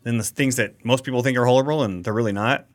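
A man co-hosting a casual podcast, talking in a relaxed way and laughing often. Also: mid-range voice, quick pace. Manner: relaxed, laughs often, short agreeing replies. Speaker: podcast co-host.

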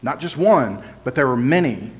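A man preaching in a relaxed, conversational way, walking listeners through scripture step by step. His voice sits at an ordinary middle pitch. He explains things plainly and now and then slips into voicing the people in the story. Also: normal speed. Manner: explanatory, acts out crowd and Pilate quotes. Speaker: pastor. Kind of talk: conversational sermon.

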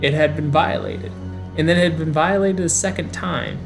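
A player speaking as a cautious werewolf elder who reasons aloud and keeps posing questions to the council. The voice sits at a middle pitch, with faint music in the background. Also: creaky, close to an everyday voice. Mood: earnest. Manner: measured, persuasive, rhetorical questions. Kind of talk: in-character roleplay speech.

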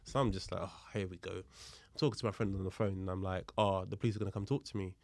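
Guy on a podcast, low voice, dry sound, acts out the back and forth of his story. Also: fast talker, no room sound. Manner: lively retelling that acts out both sides of a dialogue; explains the legal points in detail. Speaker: podcast guest, police firearms officer. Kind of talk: casual storytelling in conversation.

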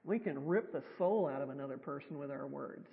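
A woman's voice: a bass voice, animated, brisk, vocal fry. A woman preacher giving a sermon in a church, talking conversationally with wry, self-deprecating humor. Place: church sanctuary. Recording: tinny, echoey hall sound.

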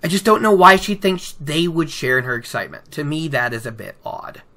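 A woman's voice: low-pitched, sing-song, a little fast, a bit bright. A woman casually retelling and picking apart a book chapter, chatty, with many stammered restarts. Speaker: book discussion host.

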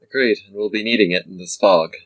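A man's voice: fairly low pitch, fast talker, husky, no echo. A man playing a tabletop role-playing game, talking hesitantly with many fillers. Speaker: player.

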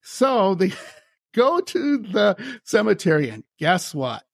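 Podcast host guy, gravelly and a bit high, laughs a lot while he tells stories, dry sound. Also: slow pace, dry recording. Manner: animated, laughs often, acts out voices in his stories. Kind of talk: casual storytelling chat.

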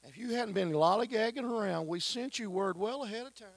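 A preacher putting on a shrill grieving sister. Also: male voice, expressive, a little fast, creaky, no room sound, exaggerated voice. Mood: accusing. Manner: shrill, loud, reproachful. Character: grieving sister accusing the Lord.

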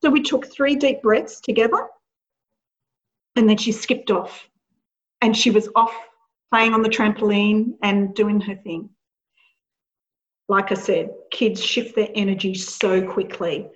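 A woman being interviewed as a podcast guest, telling stories in a lively, animated way and laughing often. Her voice sits at a middle pitch. The recording is dull and lo-fi. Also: measured pace, pauses often. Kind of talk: casual chat. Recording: dull lo-fi sound.

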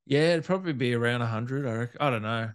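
A man's voice: medium pitch, quick pace, clean tone. A man hosting an interview, playful, teasing and enthusiastic. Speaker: podcast host. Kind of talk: casual interview.

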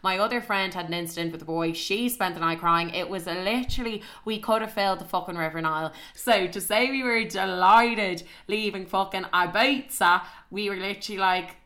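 A young woman telling a story in a casual monologue, animated and full of swearing and "like". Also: mid-range voice, moderate pace, hardly any pauses. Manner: animated, sweary, heavy use of "like".

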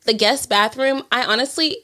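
A woman's voice: on the high side, moderate pace, pushed and bright. A woman co-hosting a casual chat show, talking bluntly with plenty of swearing and jokes. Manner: blunt, profane, jokey. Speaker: podcast co-host.

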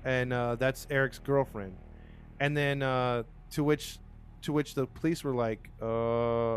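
A man's voice: mid-range voice, fairly even intonation, unhurried, clear, resonant tone. A man casually retelling a crime case to co-hosts, acting out the quotes with lots of fillers and restarts. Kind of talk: casual storytelling chat.

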